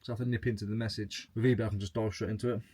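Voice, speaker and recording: A man's voice: fairly low pitch, little pitch movement, racing, darkish tone, slightly rough, no room sound. A man chatting casually to camera as a reselling vlogger, joking as he goes through his sales. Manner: chatty and jokey, reading out sales.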